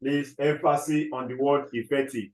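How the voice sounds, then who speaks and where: Male chemistry teacher, mid-pitched, patient dictation style, roomy classroom sound. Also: steady tone. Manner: repeats key phrases slowly, checks understanding often.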